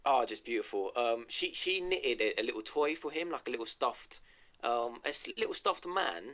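A man's voice: medium pitch, animated, moderate pace, a bit bright, slight background noise. Rambling man on a podcast. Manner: rambling storyteller, many ums and restarts. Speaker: podcast co-host. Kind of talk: casual gaming podcast chat. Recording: dull lo-fi audio.

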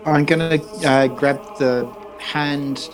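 A man's voice: on the high side, steady tone, takes it slowly, faint music behind. A man playing a tabletop game, casual and full of fillers. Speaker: player.

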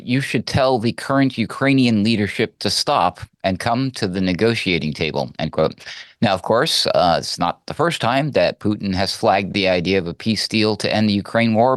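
A man's voice: lowish voice, no room sound. A man co-hosting a talk show, reading out news quotes and adding dry, sarcastic asides. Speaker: co-host.

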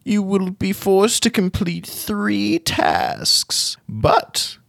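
A man's voice: high-pitched, sing-song, extremely slow, gravelly, fairly bright tone, no room sound, voice pushed up, full character voice. A man voicing a tiny, cheerful, cryptic old male gnome wizard in a tabletop game, with a quavering, sing-song, teasing manner. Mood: ominous.

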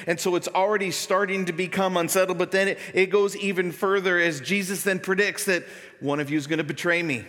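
Bright-voiced male pastor preaching in a hall. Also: high voice, moderate pace. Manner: conversational preaching, animated when voicing the disciples. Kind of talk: sermon. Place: church sanctuary. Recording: long hall reverb.

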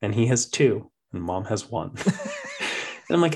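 A young man chatting casually as a podcast guest, telling animated parenting stories and mimicking his toddler in a high voice. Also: fast. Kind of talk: casual chat.

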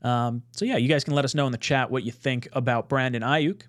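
A man's voice: medium pitch, fairly even intonation, brisk. A man hosting a casual sports podcast, talking steadily and reading out the live chat. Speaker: podcast host.

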